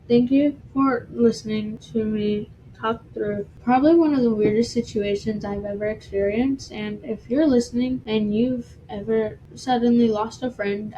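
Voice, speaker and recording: A woman's voice: a little high, dark tone, lo-fi sound, a little hiss or hum. A woman hosting her own podcast, talking through a personal story in a heartfelt, self-described dramatic way. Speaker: podcast host. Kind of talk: solo podcast monologue.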